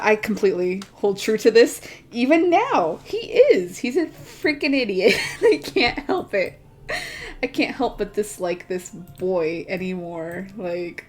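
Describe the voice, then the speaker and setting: A woman's voice: mid-range voice, darkish tone. A young adult woman ranting casually about books while she draws, laughing often and sounding exasperated. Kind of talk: casual rant while drawing.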